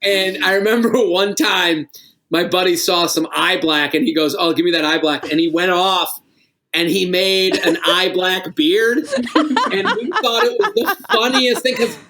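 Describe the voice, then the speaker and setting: A man's voice: sits high, measured pace, bright, forceful tone, a little hiss or hum. A middle-aged man, a comedian guest on a podcast, telling rambling stories with frequent laughs and swearing. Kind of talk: casual podcast storytelling.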